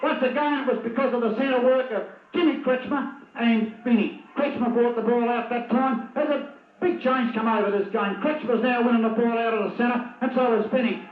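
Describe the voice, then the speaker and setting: An Australian man giving live football commentary, excitable and openly biased toward one side. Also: very high voice, normal speed, slight background noise. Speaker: match commentator. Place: at a football ground. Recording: tinny, echoey 1980s video tape.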